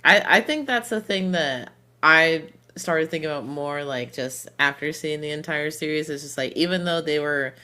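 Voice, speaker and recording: A man's voice: a little high, moderate pace, sharp tone, clear, resonant tone. A man as a guest in a casual episode review chat, talking thoughtfully and hesitantly. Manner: thoughtful, hesitant, many fillers and restarts.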